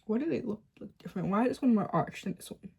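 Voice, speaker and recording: A woman's voice: medium pitch, animated, fast talker, vocal fry, mellow, slightly rough. A teenage girl from the Boston area chatting casually while doing her makeup, rambling with lots of "like" and "um". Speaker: beauty vlogger. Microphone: phone camera at close range.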